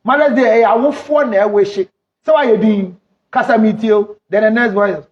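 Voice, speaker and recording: A middle-aged man with a Ghanaian accent, a counselor hosting an advice talk show, speaking loudly and teasingly with sudden shouts. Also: high voice, moderate pace. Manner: loud, teasing, breaks into shouts and acted quotes. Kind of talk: animated advice talk mixing English and Twi. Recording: dull lo-fi recording.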